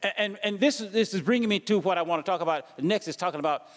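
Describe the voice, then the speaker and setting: A pastor preaching in a church sanctuary, his voice pitched a touch high. He stumbles and repeats himself while asking the congregation questions. A long echo from the hall trails his words. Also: fast, few pauses. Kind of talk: sermon.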